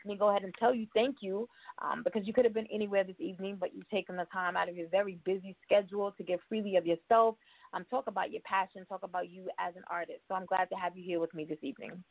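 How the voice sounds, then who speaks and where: A woman's voice: mid-range voice, fairly even intonation, fast talker, vocal fry, no room sound. Woman host on a tinny phone line. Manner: chatty, warm introductions with fillers. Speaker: radio show host. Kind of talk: interview.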